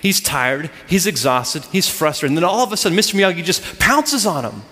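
A man's voice: fairly high pitch, sing-song, a little fast, pushed and bright, big-room sound. A man preaching a sermon to a congregation, driving his points home with emphatic repeated phrases. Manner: emphatic, repetitive preaching cadence. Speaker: pastor.

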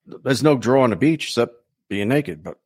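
Male podcast host, mid-range voice, animated casual storyteller who swears, dry close sound. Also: mid-range voice, normal speed, slightly rough, no room sound. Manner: animated, swears freely, acts out quoted voices.

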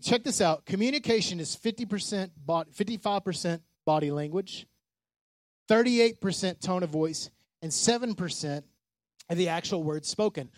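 A man gives a casual sermon in a fairly high voice. He preaches with animation and slips into quick impressions of the people he talks about. The sound is close and dry. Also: no echo. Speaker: pastor.

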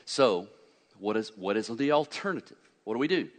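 A man preaching a fiery sermon, swinging from loud urgent peaks to quiet low asides and asking his congregation questions. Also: animated, moderate pace. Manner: asks the congregation questions and answers them. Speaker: pastor. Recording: long hall reverb.

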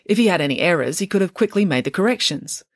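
Clever girl detective, brisk and dry, lively rises and falls, as a woman reads her. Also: fairly low pitch, no echo. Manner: brisk, deductive. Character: matter-of-fact schoolgirl detective, clever and dry.

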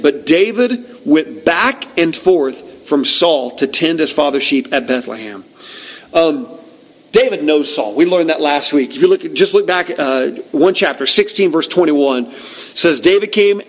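A middle-aged man preaching a sermon, telling personal stories and acting out quotes with lively energy. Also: fairly high pitch. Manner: animated storytelling, acts out quotes. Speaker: pastor.

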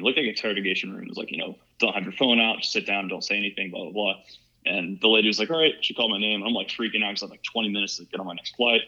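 A young man from Ohio, USA, tells a rambling story as a podcast guest, casually peppering it with "like" and "you know." His lowish voice sounds pushed, bright, and slightly rough, and the recording is muffled and lo-fi.

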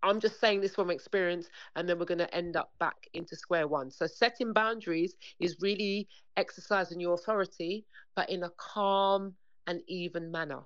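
A woman's voice: fairly low pitch, normal speed, clear, resonant tone. A woman, guest on an interview show, talking earnestly about parenting and acting out bits of dialogue. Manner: earnest, repetitive, acts out dialogue. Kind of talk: conversational interview. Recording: dull lo-fi sound.

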